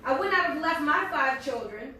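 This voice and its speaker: A middle-aged American woman giving an earnest, fast-paced motivational speech at a business meeting. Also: high-pitched, expressive, sharp tone. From United States. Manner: fast-talking, earnest and faith-filled. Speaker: network marketing leader and speaker. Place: large echoey meeting hall. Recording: echoey hall from far off.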